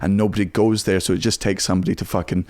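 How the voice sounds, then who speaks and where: A man's voice: deep voice, level tone, darkish tone, no room sound. Scottish man, twenties, blunt podcast guest, lots of swearing, dry close mic. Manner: blunt, rapid, heavy swearing. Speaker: guest comedian. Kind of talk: casual podcast chat. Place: home studio.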